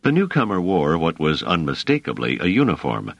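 A man narrates a novel in a very low voice with lively, expressive intonation. His delivery is measured and storyteller-like. The recording is dry and close. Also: creaky, breathy edge, no room sound, lo-fi sound. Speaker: audiobook narrator. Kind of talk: scripted narration.

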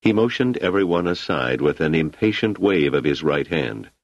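A man narrating an audiobook in an expressive storytelling manner. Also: extremely low pitch, moderate pace, no echo. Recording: slightly muffled lo-fi recording.

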